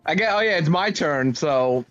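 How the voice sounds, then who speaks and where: A man's voice: on the high side, animated, moderate pace, fairly bright tone, no room sound, faint music behind. A man co-hosting a live stream, chatting loosely about a game, joking and swearing casually. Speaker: streamer co-host. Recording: slightly dull mic sound.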